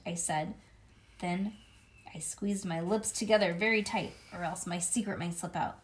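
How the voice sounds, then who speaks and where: A woman reading a children's book aloud in a lively way, breaking off now and then for playful asides. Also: mid-range voice, measured pace. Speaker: reader.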